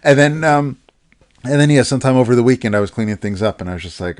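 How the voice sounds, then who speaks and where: A man's voice: medium pitch, quick pace. A man co-hosting a comics podcast, casually recapping a story with many restarts and fillers.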